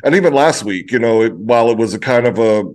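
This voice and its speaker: A laid-back male podcast co-host who talks casually in a middle pitch. He hesitates and restarts often, searching for words and chuckling along the way. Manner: halting, hesitant, full of restarts and laughs.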